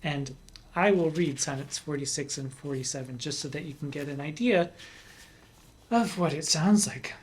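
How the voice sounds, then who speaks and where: A man's voice: fairly high pitch, normal speed, a little hiss or hum. Wry, playful man hosting a poetry show. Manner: wry, playful, cheeky asides. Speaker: drag performer hosting a poetry podcast. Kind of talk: literary commentary podcast.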